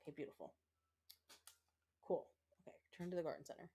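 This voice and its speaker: A woman with a low, warm, husky voice talks fast and very animatedly while streaming a game. She rambles to her viewers with lots of fillers and restarts, tearing up as she emotionally thanks them.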